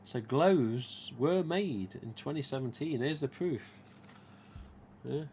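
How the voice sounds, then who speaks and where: Unhurried and fairly high-pitched, with a darkish tone, this man hosts a casual live stream in an English East Midlands accent, over slight background noise. A mask collector, he chats, rambles, and relays dialogue.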